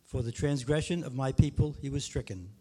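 Mellow-voiced man reading scripture. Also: medium pitch, fairly quick. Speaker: scripture reader.

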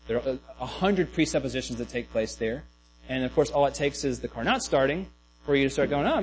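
A man's voice: mid-range voice, darkish tone, slight background noise, rough recording. A man preaching a sermon in a loose, conversational way, with many restarts and asides. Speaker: pastor.

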